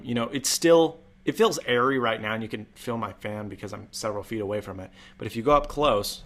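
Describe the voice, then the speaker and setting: A man hosting a casual live stream, talking in a chatty way with deliberate jumps up in pitch. He is from Utah and sits several feet from a USB mic in a room with a fan. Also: a bit bright. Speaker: tech live-stream host.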